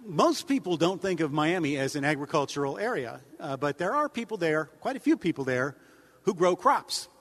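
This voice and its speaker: A man giving a comic speech to a crowd of farmers, deadpan and rambling, with sudden mock-outraged jumps in pitch. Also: normal speed. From United States. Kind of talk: stand-up style speech to an audience. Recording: long hall reverb.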